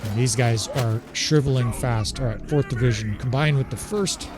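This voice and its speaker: Excitable man commentating his game. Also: mid-range voice, moderate pace. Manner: excitable, swears, laughs often, keeps tagging "right?". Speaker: gameplay commentator. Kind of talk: casual gameplay commentary. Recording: game music playing loudly behind. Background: game soundtrack music.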